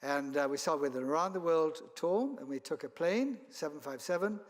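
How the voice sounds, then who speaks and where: Travel company founder, a man raised in Kenya and South Africa, telling rambling stories on stage in a reverberant hall, voice slightly high. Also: lively intonation, normal speed. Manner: rambling storyteller with restarts and chuckles. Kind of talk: keynote talk with anecdotes. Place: event hall.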